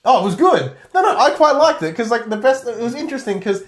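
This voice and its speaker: A man's voice: very high-pitched, very animated, quick pace, echoey room. A man co-hosting a casual film review podcast, ranting, swearing and mimicking characters. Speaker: podcast co-host.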